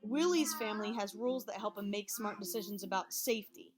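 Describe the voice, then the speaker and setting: A woman teacher goes over a health lesson with her students, explaining it in a chatty way and checking in often with "okay?". Her voice is medium-pitched and a little fast.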